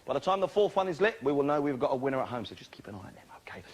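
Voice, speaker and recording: A man's voice: mid-range voice, very animated, very fast. A man hosting a live television game show, bantering cheekily with contestants in a studio with an audience. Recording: loud studio audience and noise.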